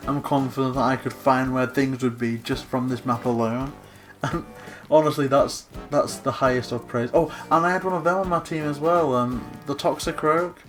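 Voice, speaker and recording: A man's voice: mid-range voice, steady tone, normal speed, a bit bright, faint music behind. Gushing man touring a game island. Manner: gushing, gasping, breathless exclamations. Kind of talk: excited gameplay commentary.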